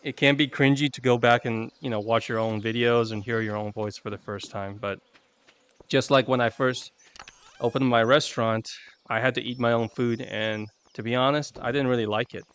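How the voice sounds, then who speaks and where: Chatty streamer man, smooth voice. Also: medium pitch, fairly even intonation, normal speed, a bit bright. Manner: rambling, chatty, self-deprecating. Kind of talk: casual gameplay chat. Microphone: desk microphone.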